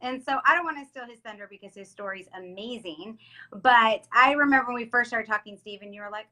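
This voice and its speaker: A woman hosting a live video stream, upbeat and gushing, often saying how excited she is, talking over a video call from home. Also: fairly high pitch, a little fast. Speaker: host. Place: home in South Florida.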